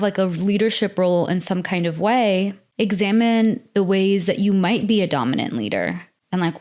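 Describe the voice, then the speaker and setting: A woman's voice: medium pitch, a little mellow. Earnest chatty American woman podcaster. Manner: chatty, earnest, lots of "like" fillers. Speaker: podcast host. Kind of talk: casual solo podcast talk.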